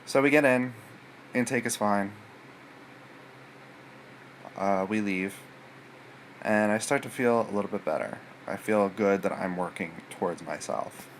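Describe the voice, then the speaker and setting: Low-voiced man rambling through his story. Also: a little slow, pauses often, slight background noise. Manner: rambling and hesitant, many fillers and restarts. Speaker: vlogger. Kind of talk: personal storytelling to camera.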